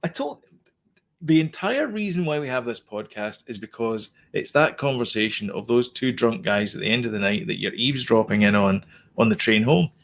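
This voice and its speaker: A man's voice: medium pitch, animated, normal speed, creaky, fairly bright tone. A man co-hosting a podcast in casual chat, explaining things in a rambling, self-correcting way. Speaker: podcast co-host.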